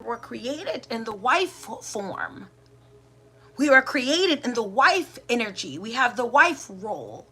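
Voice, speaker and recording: Bright-voiced woman musing aloud. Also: high voice. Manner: asks many rhetorical questions, with pauses and restarts. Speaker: podcast host and doula. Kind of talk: reflective spiritual monologue.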